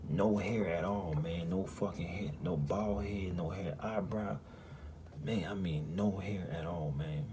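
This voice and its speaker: A man with a low, deep voice tells a story in loose, profanity-laced casual talk, looping back with "you hear me?" every few lines. He keeps slipping into a breathy half-whisper, over a faint hum of room noise. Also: steady tone, unhurried. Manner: drops often into a hushed, breathy half-whisper. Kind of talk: casual spoken recounting of a dream.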